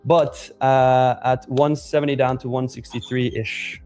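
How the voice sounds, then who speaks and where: A man's voice: mid-range voice, little pitch movement, unhurried, darkish tone, smooth. Joking male trading-stream co-host. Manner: joking, trying out mock accents. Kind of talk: casual live-stream chat. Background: faint music.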